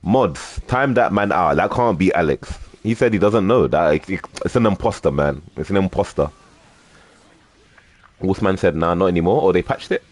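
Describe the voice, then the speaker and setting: A man's voice: low-pitched, animated, moderate pace, no room sound. A man casually commentating a fighting game tournament, teasing players and laughing often.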